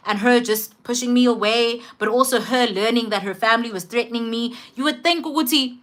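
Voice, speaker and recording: A young woman with a South African accent telling a storytime vlog in an animated, emphatic way. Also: fairly high pitch, fairly quick, hardly any pauses. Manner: animated, code-switching, emphatic. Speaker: vlogger.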